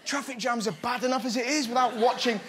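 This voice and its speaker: A man's voice: very high-pitched, steady tone, fast talker, very noisy. A man hosting a televised stand-up comedy monologue, talking with great energy and bursting into shrieking put-on voices. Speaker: comedian host. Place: TV studio with live audience. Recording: loud live studio audience. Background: audience laughter.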